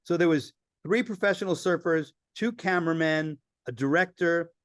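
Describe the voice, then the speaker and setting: A man telling lively travel stories as a podcast guest, acting out the people he quotes. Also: a little high, normal speed, no room sound, studio quality. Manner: animated storyteller acting out quoted voices. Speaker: filmmaker guest. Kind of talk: storytelling in a podcast interview.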